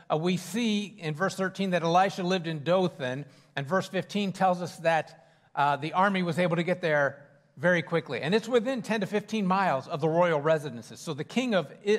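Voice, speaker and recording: A man's voice: a little high, long reverb tail. A man preaching a sermon in a church, conversational with fillers and restarts. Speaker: pastor. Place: church sanctuary.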